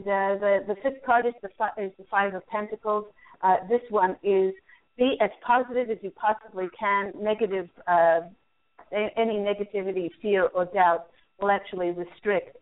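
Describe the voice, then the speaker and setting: A woman hosts a call-in radio reading, repeating the answers she says her angels give. Her pitch sits in an ordinary middle range. Everything comes through a thin, phone-like line. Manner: repeats messages she says she hears, gentle reassuring advice. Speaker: radio show host and angel reader.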